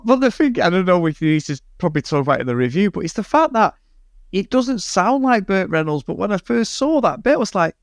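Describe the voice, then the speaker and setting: A man with a fairly high voice that swoops up and down, sounding close and dry on a podcast mic. He chats casually as co-host, teasing and playful, cursing often. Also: quick pace, no room sound. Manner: teasing, animated, swears. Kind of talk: casual chat.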